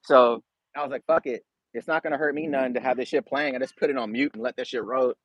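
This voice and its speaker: A man's voice: mid-range voice, steady tone, fast talker, dry recording, rough recording. A man hosting a casual livestream, chatting straight to viewers in a laid-back, slangy way. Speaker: YouTube reaction channel host.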